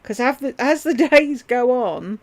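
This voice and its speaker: A woman's voice: sits high, lively intonation, unhurried. A woman hosting her own livestream from home, chatting loosely with viewers and addressing them by name as she rambles from one thing to the next. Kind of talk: casual livestream chat.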